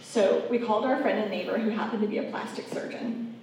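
A woman's voice: mid-range voice, a little fast, gravelly, darkish tone. A woman giving an earnest, heartfelt faith testimony, talking straight to her audience. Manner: earnest heartfelt storytelling, addresses audience directly. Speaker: speaker sharing a personal testimony. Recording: echoey room, mic at a distance, faint background noise.

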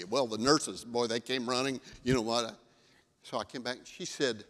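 A man's voice: medium pitch, normal speed, pushed and bright, in a large hall. A male pastor giving a sermon in a conversational, storytelling way.

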